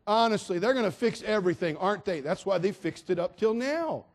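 A man's voice: high-pitched, animated, a little fast. A man preaching a sermon, addressing his listeners directly and acting out the people in his story. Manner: dramatic, swings from quiet asides to shouts; acts out quoted voices, addresses listeners directly.

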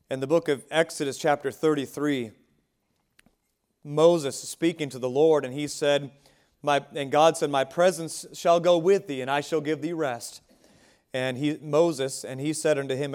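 Man preaching a lively sermon. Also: a little high, clean tone. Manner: preaching with swings between soft asides and raised exclamations. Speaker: pastor.

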